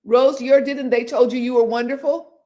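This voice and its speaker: An older woman hosting a casual motivational talk, animated and laughing often as she acts out the voices people use on themselves. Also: high voice, moderate pace. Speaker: host.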